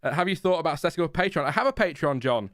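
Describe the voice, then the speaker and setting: British guy chatting on a stream, smooth clear voice, dry close sound, laughs at himself a lot. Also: a little high, expressive, rapid-fire, no echo. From Britain. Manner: chatty, self-deprecating, laughs often. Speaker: host. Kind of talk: live-stream watchalong chat. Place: home room. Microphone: headphones with a desk mic.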